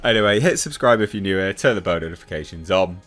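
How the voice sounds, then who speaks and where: A man's voice: expressive, fast, fairly bright tone, soft background music. Scornful ranting man. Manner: scornful, sarcastic, ranting, voice jumps high when worked up. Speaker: YouTube movie news commentator. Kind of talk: opinionated rant to camera.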